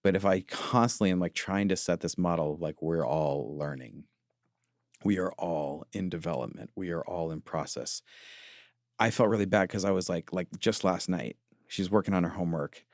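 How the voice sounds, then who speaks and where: A man in his thirties co-hosting a podcast, talking earnestly and confessionally, often pausing to search for words. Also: low-pitched, no echo, clean studio sound. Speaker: podcast co-host. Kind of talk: reflective podcast conversation.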